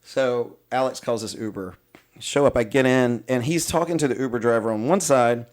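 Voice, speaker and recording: Profane, animated young man telling a story. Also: medium pitch, normal speed. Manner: animated, profane storytelling, mimics people he quotes. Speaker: podcast host. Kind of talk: casual storytelling chat.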